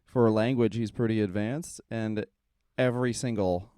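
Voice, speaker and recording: Smooth-voiced man podcast co-host. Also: fairly low pitch, no echo, studio quality. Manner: quick deadpan riffs and crude jokes. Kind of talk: comedic podcast banter.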